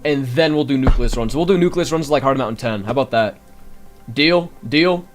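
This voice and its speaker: A man's voice: mid-range voice, fast talker, soft background music. A man doing live gameplay commentary, grumbling and talking to his chat. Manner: animated, grumbling, talks to chat. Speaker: game streamer.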